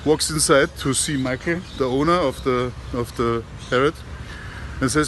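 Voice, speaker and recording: Man vlogger, mid-pitched, chatty and halting; outdoor camera sound with faint noise behind. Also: a bit bright. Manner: halting, repeats and restarts words. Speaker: vlogger telling a joke. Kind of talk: casual storytelling to camera. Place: outdoors at an industrial estate. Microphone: handheld camera.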